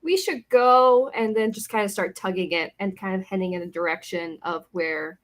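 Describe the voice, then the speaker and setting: A woman's voice: fairly low pitch, steady tone, a little fast. A woman as a player in a tabletop game, talking casually.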